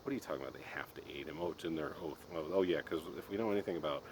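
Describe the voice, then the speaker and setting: A man's voice: a bass voice, rapid-fire. A middle-aged man venting in a casual monologue, exasperated and ranting, restarting often. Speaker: podcast host. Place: Colorado. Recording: noisy background.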